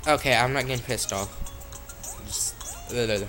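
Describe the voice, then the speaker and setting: A man's voice: medium pitch, normal speed, sharp tone, faint music behind. A man playing a phone game, swearing constantly as he comments, with sudden frustrated outbursts, recorded on the phone's own mic. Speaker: mobile gamer. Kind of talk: profane let's-play commentary.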